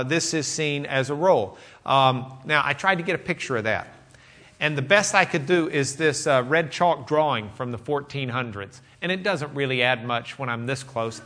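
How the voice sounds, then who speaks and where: Bright-voiced pastor teaching conversationally. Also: male voice, mid-range voice. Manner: conversational, many fillers, asides to the congregation. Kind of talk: sermon teaching.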